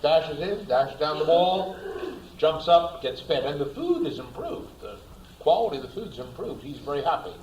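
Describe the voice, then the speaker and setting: A man lectures through a story in an animated, emphatic way, and his pitch swings freely and sits somewhat high. He repeats key words to drive them home. His voice echoes around a roomy lecture space, with a faint hiss behind it. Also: moderate pace, dull audio. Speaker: speaker, lecturer.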